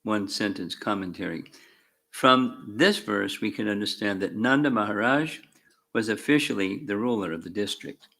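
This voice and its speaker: A man reading scripture verses aloud and adding commentary as a spiritual teacher, slow and measured with fervent emphasis on key words. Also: lowish voice, gravelly, bright, forceful tone. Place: temple class room.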